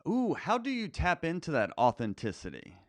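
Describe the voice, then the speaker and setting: Woman interviewer, low voice, very lively pitch on short questions. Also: normal speed. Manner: brief affirming murmurs.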